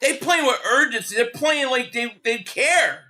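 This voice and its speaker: A man hosting a live game reaction stream, ranting in frustration, stammering and shouting at plays. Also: extremely high pitch, lively intonation, a little slow.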